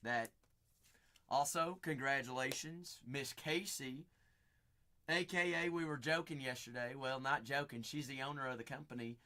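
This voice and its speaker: A man hosting a live card break stream, rattling off buyers' names with playful, sing-song banter and sudden loud bursts. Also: medium pitch, moderate pace.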